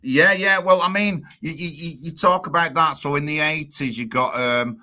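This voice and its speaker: Guest, bright slightly high voice, agreeable, halting delivery. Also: male voice. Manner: agreeable, hesitant with fillers and restarts. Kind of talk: casual chat.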